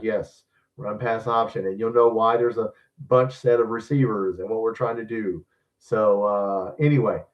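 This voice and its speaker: A man, hosting a sports live stream in blunt, grumbling casual chat. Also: lowish voice. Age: 60s. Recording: dull distant mic sound.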